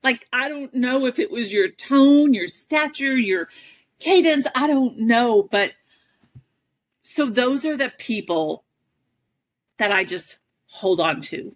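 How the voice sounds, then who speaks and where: A woman on an interview show telling a personal story in a lively, self-deprecating way, often acting out the people she quotes. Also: a little high, slow pace, pauses often. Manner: animated, self-deprecating, acts out quoted dialogue. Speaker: interview guest, advocate and educator.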